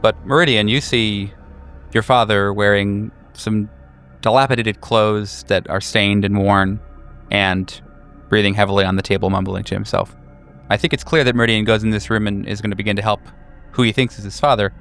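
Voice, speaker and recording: A low-voiced man narrates a tabletop horror game as game master, painting scenes in a halting, descriptive way full of small restarts. Faint music plays beneath his voice. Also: steady tone, a bit bright.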